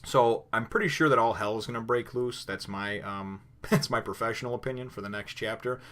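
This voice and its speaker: A man's voice: mid-range voice, brisk, fairly bright tone. A man giving a casual spoken review, retelling the story loosely with many fillers and restarts. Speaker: comic book reviewer.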